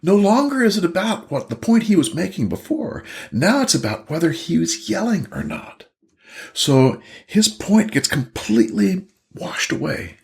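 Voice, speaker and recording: A man's voice: high-pitched, very animated, moderate pace, gravelly. An older man, a couples therapist, talking casually to the camera and acting out a couple's argument as he tells it. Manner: storytelling, acts out both partners' voices.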